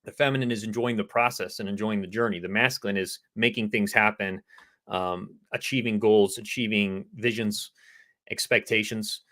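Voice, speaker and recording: A man's voice: fairly low pitch, steady tone, moderate pace. A man co-hosting a dating advice show, earnestly explaining relationship ideas and answering viewer questions. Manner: earnest, explanatory, quotes women's pleas in a softer voice. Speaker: dating coach co-host.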